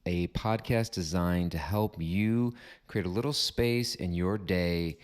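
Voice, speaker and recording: A man hosting a reflective solo podcast, talking calmly and deliberately in repeated parallel phrases. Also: low-pitched. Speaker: podcast host.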